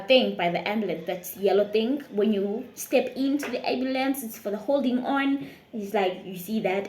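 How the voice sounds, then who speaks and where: A South African woman, a YouTuber, telling a lively storytime tale with frequent laughter. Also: medium pitch, roomy sound. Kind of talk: storytime vlog.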